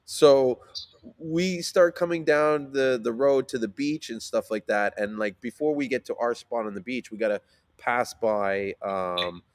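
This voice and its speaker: A man telling a story in casual chat, animated, swearing freely and using lots of fillers. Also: medium pitch, a little slow. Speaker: sea moss seller.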